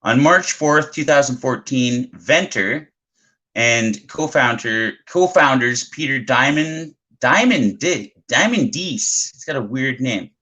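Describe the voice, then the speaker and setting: A man's voice: mid-range voice, animated, slow pace, pushed and bright, low-quality recording. A man from Canada co-hosting a casual conspiracy podcast, laughing often and stumbling over words as he reads his research. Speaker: podcast co-host.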